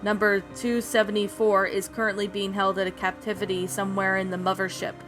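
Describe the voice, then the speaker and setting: A woman's voice: medium pitch, a little fast, over music, close to an everyday voice. A woman voicing a serious, grim teenage boy who leads a secret team. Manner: grim, calm, planning.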